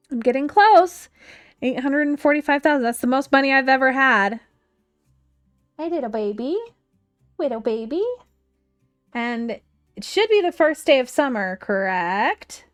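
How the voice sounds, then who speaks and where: Slow, smooth high-voiced woman streamer. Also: expressive, fairly bright tone, dry recording, clean studio sound, soft background music. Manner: chatty, thinks aloud while playing. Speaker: game streamer. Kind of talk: casual live gameplay chat. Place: home room at her computer.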